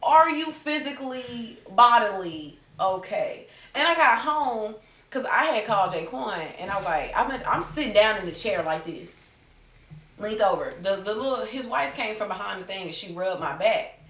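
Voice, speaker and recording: A woman's voice: mid-range voice, lively intonation, moderate pace, fairly bright tone, recorded from a distance. A woman hosting a podcast, chatting casually with friends and telling a story animatedly, swearing freely and acting out the people she quotes. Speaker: podcast host. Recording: roomy, a bit off-mic.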